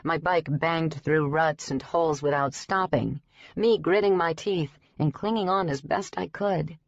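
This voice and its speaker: A woman reading a first-person audiobook in a steady, even storytelling delivery. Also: low-pitched, unhurried, no echo. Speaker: audiobook narrator. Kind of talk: scripted first-person narration. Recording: dry, slightly dull recording.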